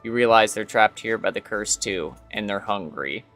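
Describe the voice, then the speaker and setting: A man's voice: lowish voice, moderate pace, a bit bright, faint music behind. A man streaming a game, reading its story text aloud with hesitant fillers.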